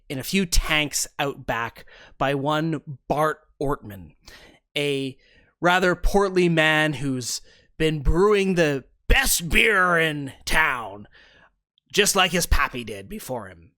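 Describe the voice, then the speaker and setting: A man narrating as game master of a tabletop role-playing game, describing the scene in a measured storytelling way. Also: on the high side, sharp tone, dry recording, clean studio sound.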